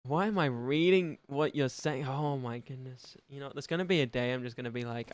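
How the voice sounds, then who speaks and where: A man's voice: mid-range voice, quick pace, hardly any pauses. A young man streaming a game and chatting with viewers, rambling, laughing often and acting out both sides of imagined conversations. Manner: rambling, self-mocking, laughs a lot. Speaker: gaming streamer. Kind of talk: casual live-stream chat reading viewer comments.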